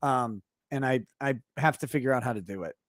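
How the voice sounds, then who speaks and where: A male host reading viewer messages aloud on a casual livestream, relaxed and wry. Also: medium pitch, brisk, no echo, clean studio sound. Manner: relaxed, wry, trailing off with fillers.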